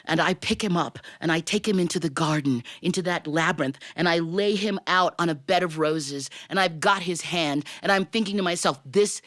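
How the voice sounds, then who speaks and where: A woman storyteller, telling a tale in first person with playful, animated delivery and laughing asides. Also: on the low side, fairly quick, few pauses, no room sound, clean studio sound.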